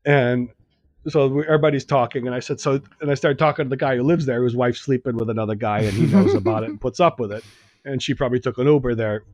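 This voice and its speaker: A man's voice: medium pitch, fast, darkish tone, no echo. A man on a casual podcast, telling a rambling anecdote full of quoted back-and-forth and repeating himself. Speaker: podcast co-host. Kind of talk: casual chat.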